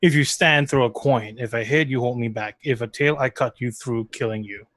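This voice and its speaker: A man's voice: medium pitch, normal speed, fairly bright tone, dry recording, clean studio sound. A man playing a tabletop role-playing game, casual and joking. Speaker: player.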